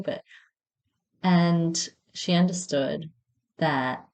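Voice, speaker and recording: Speaking extremely slowly with long pauses, a woman in her thirties who hosts a podcast reflects candidly on a personal story in a fairly low, expressive voice. She punctuates it with soft, self-mocking laughter.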